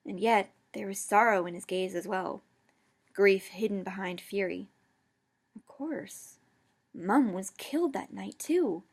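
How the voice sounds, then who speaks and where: A woman reads her own story aloud in an even, middling voice. She stumbles over words and corrects herself as she goes. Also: mid-range voice, measured pace, breathy edge. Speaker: fan fiction reader.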